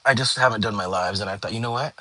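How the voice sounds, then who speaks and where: A tired young man, hosting a relaxed livestream and chatting with viewers from home. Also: fairly low pitch, quick pace. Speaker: livestream host. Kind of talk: casual livestream chat. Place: home, lying down.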